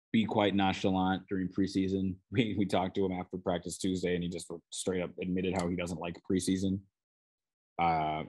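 A man's voice: sits low, a little mellow. A man with a Minnesotan accent, a sports beat writer, talking through football analysis on his podcast in a loose, conversational way with frequent restarts.

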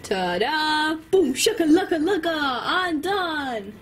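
A woman's voice: fairly high pitch, animated, slow, slight background noise. A woman voicing Benjamin, a boastful little boy. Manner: show-off exclamations. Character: boastful little boy toddler who loves math.

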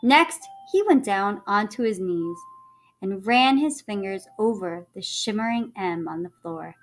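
Slow, expressive woman teacher reading aloud. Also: mid-range voice. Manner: expressive, animated read-aloud, checks in with "okay?". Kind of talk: reading a children's book aloud to students.

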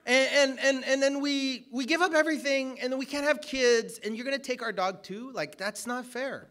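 Preaching a sermon at a moderate pace, a man tells a personal story, growing loud and emphatic at moments before falling into quiet, low asides.

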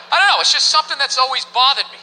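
A man's voice: extremely high pitch, pushed and bright, in a large hall, a little hiss or hum, poor audio. A man performing a stand-up comedy set on stage before a live audience, ranting in profane disbelief and firing off rhetorical questions.

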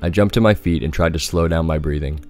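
A man narrating a horror story in a measured, dramatic way. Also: a bass voice, darkish tone, soft background music.

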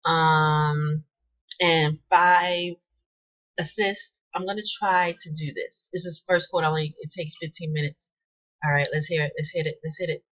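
A woman hosting her channel, giving casual, excitable commentary while she plays a basketball video game and shouts at the players on screen. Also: deep voice, a little slow, muffled recording. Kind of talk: casual live gameplay commentary.

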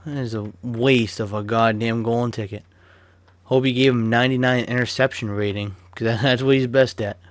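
Here a young male gaming YouTuber, medium in pitch with fairly even intonation and a moderate pace, talks casually over a football video game as he cracks open card packs. Swearing comes easily, and he flares into sudden rants; there's no echo.

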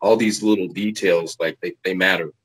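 A man hosting a podcast, chatting with his guest in a relaxed, agreeable way. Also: low-pitched, normal speed, breathy edge, rough recording. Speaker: podcast host. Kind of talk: casual interview chat.

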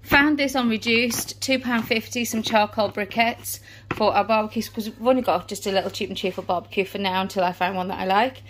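A woman's voice: medium pitch, fairly even intonation, a little fast, a bit bright, a little hiss or hum. A British woman in her thirties, out of breath, chatting casually through a family shopping haul. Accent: British English. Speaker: family vlogger. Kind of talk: casual vlog chat.

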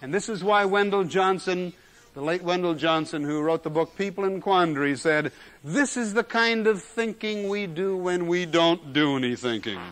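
Emphatic high-voiced male lecturer. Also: moderate pace, a bit bright. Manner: emphatic, repeats key words for effect. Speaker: lecturer in general semantics. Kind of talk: recorded classroom lecture. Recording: 1970s lecture recording.

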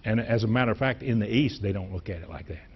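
A middle-aged man preaching a sermon in a church, with emphatic delivery, restarts and repeated words, and sudden loud rises. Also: on the low side, fast talker, breathy edge, muffled recording. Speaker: pastor. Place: church sanctuary.

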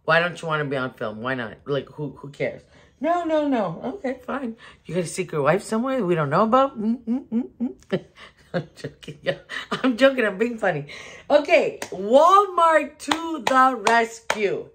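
A middle-aged woman, chatting casually to camera in an animated way, laughing often and restarting her sentences. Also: mid-range voice, normal speed, breathy edge. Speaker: home decor vlogger. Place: home bedroom.

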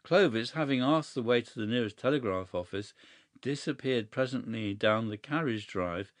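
Male audiobook narrator, measured and even delivery, dry close-miked sound. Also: medium pitch, no echo. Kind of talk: scripted story narration.

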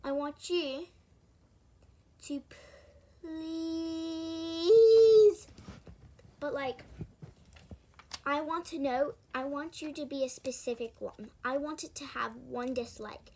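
A woman's voice: high voice, steady tone, takes it slowly, pauses often, slight background noise. A female vlogger talking casually to the camera, rambling, giggling and interrupting herself. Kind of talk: casual home vlog.

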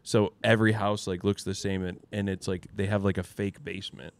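A man's voice: low-pitched, flat delivery, a little fast, gravelly. A man from Vancouver, a guest on a comedy podcast, explaining things in a laid-back, meandering way. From Canada, Vancouver. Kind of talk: casual comedic banter.

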